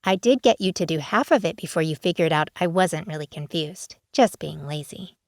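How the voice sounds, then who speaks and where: A woman voicing a bubbly, mischievous teenage werepanda girl in a storybook, whining and wheedling in a much higher, drawn-out voice. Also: expressive, dry recording, studio quality. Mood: playful. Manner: whiny, wheedling and pleading.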